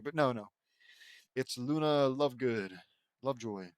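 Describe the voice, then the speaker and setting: A man's voice: medium pitch, normal speed, no room sound. A young man reads fan fiction aloud, stopping often to mock it with sarcastic asides. His voice sits mid-range and sounds dry and close. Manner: sarcastic, riffing, stumbles and laughs at the text.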